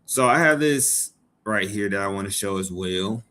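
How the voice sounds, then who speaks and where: A man with a fairly low voice hosts a live stream in a loose, conversational way. He is from Georgia and reads chat comments aloud. He jokes and repeats his phrases for emphasis. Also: animated, normal speed, bright, forceful tone.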